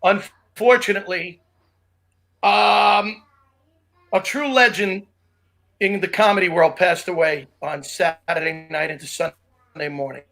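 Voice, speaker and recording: A comedian co-hosting a relaxed podcast, his voice high-pitched and bright. He rambles through his stories with restarts and asides. The talk is casual and chatty. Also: a little slow, vocal fry, pauses often. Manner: loose, rambling storyteller with restarts. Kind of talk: casual chat.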